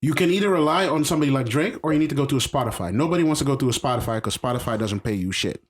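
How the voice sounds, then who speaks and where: Racing along in a mid-range voice, a man co-hosts a casual podcast chat. He's emphatic, often repeating himself and starting sentences over.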